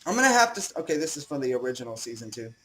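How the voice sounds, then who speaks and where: A man's voice: mid-range voice, very animated, rapid-fire, a bit bright, faint music behind, low-quality recording. A young man rambling casually as host of his own commentary, swearing and joking at himself.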